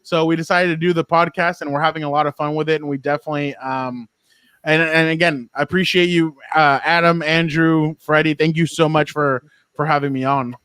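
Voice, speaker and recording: A man's voice: fairly high pitch, fairly even intonation, fairly quick, a bit bright, clear, resonant tone, dry recording. A man guesting on a sports podcast as a beat writer, talking in an enthusiastic, chatty way with lots of fillers and restarts. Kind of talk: casual chat.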